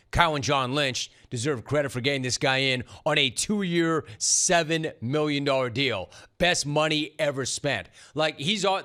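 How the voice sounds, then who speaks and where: Sarcastic sports radio guy, bright sharp voice, riffs hard and fast. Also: fairly high pitch. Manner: sarcastic, punchy riffing. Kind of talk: sports talk monologue.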